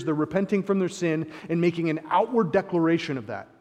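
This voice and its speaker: Impassioned preacher in a reverberant hall. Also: male voice, on the high side, animated, fast talker, few pauses. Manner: impassioned, swinging from hushed to emphatic; sarcastic paraphrasing of opponents. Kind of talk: sermon.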